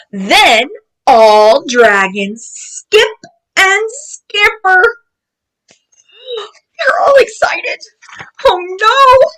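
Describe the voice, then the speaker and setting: A woman reading a picture book aloud to children, excited and exclaiming, with gasps and cries of surprise. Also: extremely high pitch, rough recording.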